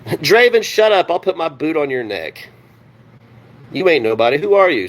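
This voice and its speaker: A man's voice: on the high side, big pitch swings, normal speed, long pauses. A man ranting on a live stream, heated and sarcastic, swearing constantly and answering his chat. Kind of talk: profane live-stream rant.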